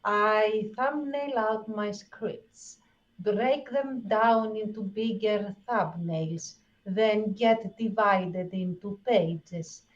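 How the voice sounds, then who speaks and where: A woman voicing a male vampire count with a put-on vampire accent, reading slowly. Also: mid-range voice. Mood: brooding. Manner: slow, drawn-out reading. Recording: dull lo-fi audio.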